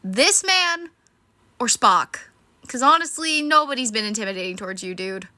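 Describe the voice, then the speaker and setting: A woman's voice: fairly high pitch, expressive, moderate pace. A woman giving casual reaction commentary, chatty and sarcastic, who swears and laughs often. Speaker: reaction video creator. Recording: noticeable background noise.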